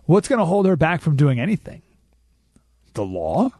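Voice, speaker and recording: A man hosting a political talk radio show, emphatic and animated, repeating points for effect, in a studio. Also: fairly high pitch, quick pace, dry recording. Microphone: studio microphone.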